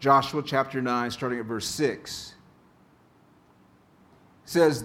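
A man preaching a sermon, reading scripture and telling jokes in a slow, deliberate way. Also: medium pitch, fairly even intonation, a bit bright. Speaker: pastor.

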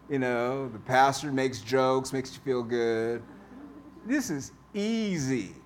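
A man's voice: mid-range voice, takes it slowly, noisy background. A male pastor giving a conversational sermon in a church, repeating key phrases for emphasis. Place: church sanctuary.

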